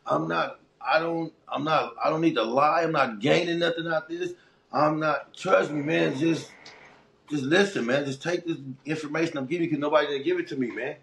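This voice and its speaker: A middle-aged man with a Los Angeles accent tells his story as an interview guest, animated and streetwise. His voice is gravelly and sits a little high for a man. The room around him sounds echoey. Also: moderate pace, slight background noise. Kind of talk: casual storytelling.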